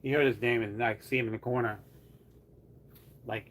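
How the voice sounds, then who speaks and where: A man's voice: mid-range voice, steady tone, moderate pace, long pauses, a bit bright. A man live streaming from home, chatting casually in a rambling way full of "like". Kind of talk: casual chat.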